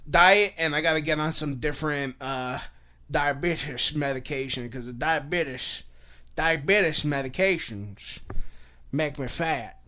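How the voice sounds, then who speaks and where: A man's voice: fairly high pitch, a little slow, pushed and bright. A young man ranting to camera in a rambling, swear-filled, comic style. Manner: rambling, swears often, frequent restarts and laughs. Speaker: vlogger. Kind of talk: profane comedic rant.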